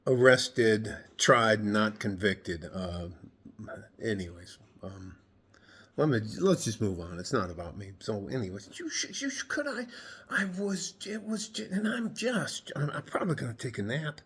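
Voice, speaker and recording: A man's voice: lowish voice, big pitch swings, measured pace, fairly bright tone, slightly rough. A man telling a story to the camera in a rambling, casual way, laughing often and swearing now and then. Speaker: vlogger.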